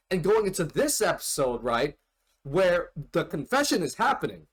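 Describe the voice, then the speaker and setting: A man hosts an anime reaction, sharing his thoughts in relaxed, unscripted commentary. His voice sits fairly high for a man. He rambles, piles up restarts, and swears casually as the excitement takes him. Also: a little slow.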